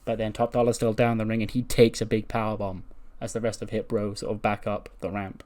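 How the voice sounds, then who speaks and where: A man's voice: lowish voice, level tone, a little mellow. A man narrating a wrestling management game run, telling the story and acting out the wrestlers' lines. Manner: storytelling, acts out wrestlers' lines in quick voices. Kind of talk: narrating a wrestling sim playthrough.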